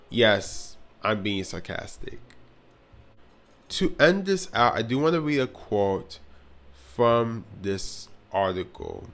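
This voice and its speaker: Young man, vlog commentary, earnest and blunt, deliberate slow delivery. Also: on the low side, expressive, a bit bright. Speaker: video commentator.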